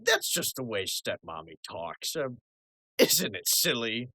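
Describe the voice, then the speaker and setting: The young actor's exaggerated voice is mid-range, pushed and bright, swooping wildly in pitch at an unhurried pace. Playing a gruff, doting, forgetful rich father in a school play on a video call, he blusters, stammers, snaps, then coos.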